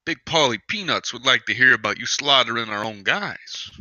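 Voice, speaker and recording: A man voicing a rambling, evasive mob contractor who is high on acid, in a tabletop role-play, with hesitant speech full of uhs. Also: lively intonation, moderate pace, sharp tone, poor audio.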